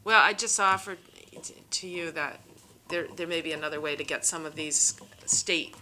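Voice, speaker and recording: A low but bright-toned woman speaking at a committee meeting. She sits on the commission and explains in a loose, informal way. Faint room noise is behind her. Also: normal speed. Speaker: commission member.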